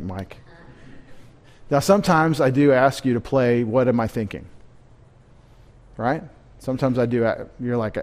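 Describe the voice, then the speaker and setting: A man's voice: medium pitch, a little mellow. A man preaching a midweek sermon as pastor, talking conversationally, asking the congregation questions and adding joking asides.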